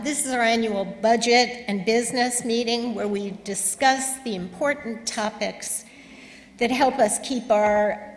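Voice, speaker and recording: A woman, board president, welcoming a congregation to its annual meeting, gently and with many ums. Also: medium pitch. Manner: gentle and hesitant, with frequent ums. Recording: echoey hall with faint noise.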